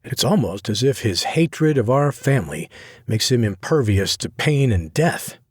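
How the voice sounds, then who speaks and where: A man narrating a dark romance audiobook in the first person, intense and grave. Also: lowish voice, slightly rough, dry recording, clean studio sound.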